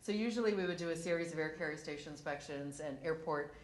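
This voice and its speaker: A woman's voice: low-pitched, quick pace, reverberant. A woman on a discussion panel, telling work stories and laughing often as she talks. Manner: animated, laughs through her stories. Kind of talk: storytelling on a panel. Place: conference hall.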